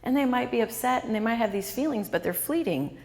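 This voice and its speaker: A woman's voice: on the high side, expressive, fairly quick, a little mellow, long reverb tail. A woman author giving an interactive talk to a live audience, quizzing the listeners and repeating their answers back. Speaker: author and speaker.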